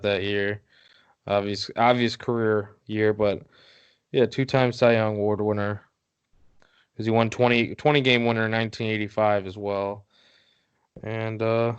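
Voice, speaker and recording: A man's voice: lowish voice, smooth, dull audio. A man co-hosting a casual podcast chat, rattling off sports stats and laughing easily. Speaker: podcast co-host.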